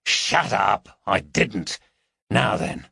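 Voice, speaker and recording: Guy voicing an impatient sweary burglar, snappy, gravelly, dry close sound. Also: lowish voice, very animated, extremely slow, bright, forceful tone, dry recording, full character voice. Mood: snapping.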